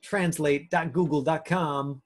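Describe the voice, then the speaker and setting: A man's voice: fairly high pitch, steady tone, a little slow. A man teaching an acting class over a video call, in a chatty way with lots of fillers. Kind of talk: casual online class talk.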